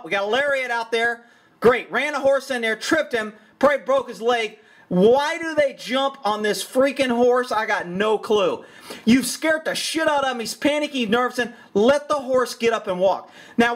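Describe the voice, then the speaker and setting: High-voiced ranting man. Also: fairly bright tone. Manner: exasperated, blunt, profane. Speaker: horse trainer and commentator. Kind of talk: ranting commentary over video.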